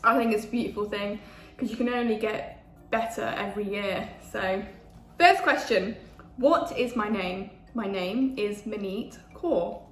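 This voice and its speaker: A woman's voice: mid-range voice, unhurried, few pauses, a bit bright. A woman, chatting casually between bites in a food vlog. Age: 20s. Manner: chatty, eating while talking. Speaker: food vlogger. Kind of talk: casual mukbang chat. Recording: echoey room with faint ambience.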